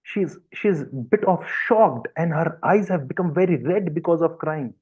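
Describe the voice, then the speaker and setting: A man's voice: a little high, moderate pace, slightly rough, dull audio. A man retelling a devotional story in an earnest, vivid, repetitive way over a video call.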